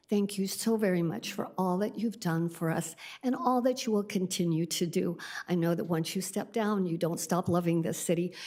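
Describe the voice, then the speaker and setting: A woman's voice: lowish voice, darkish tone. A woman speaking during public comment at a city council meeting, thanking council members in a heartfelt, earnest way.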